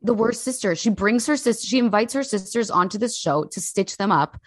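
A woman co-hosting a podcast, telling stories in a casual, animated way. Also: medium pitch, moderate pace, no room sound, studio quality. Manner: animated storyteller, mimics people. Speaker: podcast co-host. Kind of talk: casual chat.

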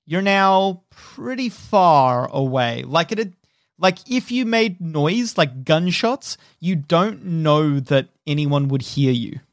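A man narrating as game master in a tabletop role-playing game, unhurried and descriptive, with frequent restarts. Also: on the high side, lively intonation, no room sound, clean studio sound.

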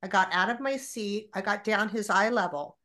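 A woman's voice: medium pitch, normal speed. A woman in her forties, a podcast guest, telling stories candidly and animatedly with plenty of swearing. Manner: animated, profane storyteller.

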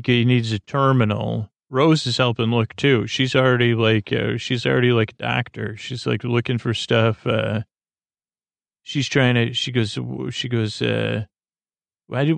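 A man hosting a bedtime podcast, retelling a TV episode in a meandering, halting way full of ums and restarts. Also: creaky, dry recording. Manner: low-key, unhurried. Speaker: podcast host.

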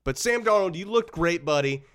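A man co-hosting a casual sports chat, ranting heatedly about players and teams. His voice sits a bit high and bright, and it swings widely in pitch as he gets worked up. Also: normal speed. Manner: animated, heated ranting with laughs. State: runny nose. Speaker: podcast co-host.

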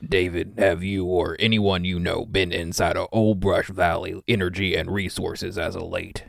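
A man's voice: low-pitched, level tone, normal speed, vocal fry, no echo, studio quality. A man voice actor reading lines and goofing off in bloopers.

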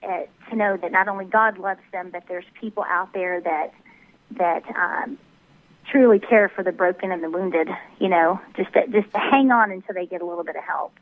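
A woman with a Southern accent mixing Tennessee and Texas, a guest singer speaking earnestly in a phone interview. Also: mid-range voice. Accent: Southern US, mixed Tennessee and Texas. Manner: earnest and heartfelt. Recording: tinny phone line.

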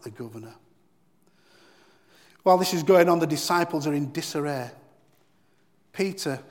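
A man's voice: on the high side, big-room sound. A man giving a devotional Bible teaching in an earnest, emphatic way, often repeating key phrases.

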